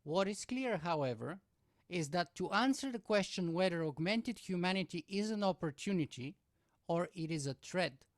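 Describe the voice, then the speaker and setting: Earnest man giving a measured talk. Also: high-pitched, no room sound, studio quality. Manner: measured and earnest, building points with repetition. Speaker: speaker. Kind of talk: prepared talk.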